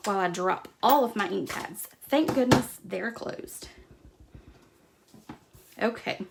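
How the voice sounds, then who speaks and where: A woman's voice: fairly high pitch, vocal fry, very noisy. A middle-aged woman hosting a live craft demonstration, chatting casually as she stamps, cuts and explains each step. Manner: chatty, talks while working with hands. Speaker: crafting host.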